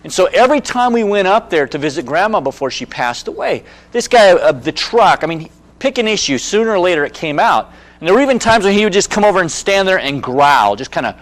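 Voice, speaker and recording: A man's voice: fairly high pitch, quick pace. A man in his sixties giving a presentation on handling anger, telling personal stories and acting out the voices of the people in them. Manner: animated storyteller who acts out quotes. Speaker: speaker on anger management.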